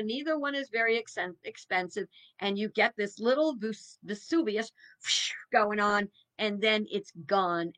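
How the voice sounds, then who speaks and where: A woman's voice: mid-range voice, a bit bright. A woman in her seventies, a minister giving a reflective evening talk in a folksy, musing way with chuckles. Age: 70s.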